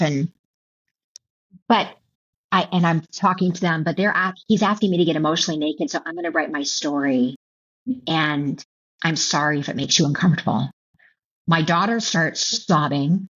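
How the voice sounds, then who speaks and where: Low-voiced middle-aged woman, halting. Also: a bit bright. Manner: halting, emotional, many restarts and repeated words. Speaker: author and keynote speaker, guest. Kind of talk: personal storytelling in an interview. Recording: dull lo-fi audio.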